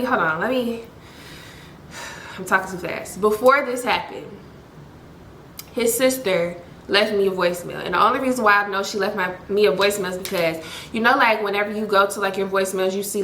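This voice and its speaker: Bright-voiced chatty young woman vlogger. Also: medium pitch, echoey room, slight background noise. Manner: animated, slangy, fast-talking with many fillers. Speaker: storytime vlogger. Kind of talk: casual storytime vlog.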